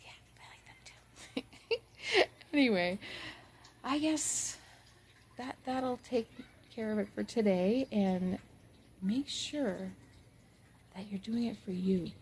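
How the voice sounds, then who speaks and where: A chatty woman talks straight to her viewers about spiritual growth, earnest and warm in an everyday way, with quick laughs and moments where her voice sinks to a near whisper. Her voice sits in an ordinary middle pitch. A clear hum of background noise runs under everything she says. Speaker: spiritual vlogger. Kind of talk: casual spiritual talk to camera.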